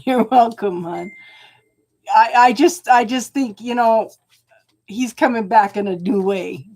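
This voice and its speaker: Hosting a relaxed tarot livestream, an older woman chats away and greets viewers by name, laughing often as she talks. Her voice is on the high side with a darkish tone, and she speaks in an unhurried way.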